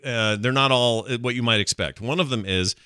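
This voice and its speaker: A man's voice: medium pitch, normal speed, bright, forceful tone, smooth, no echo, studio quality. A middle-aged man chatting casually as a podcast co-host, rambling with many restarts. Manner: rambling, restarts, laughs a lot. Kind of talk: casual chat.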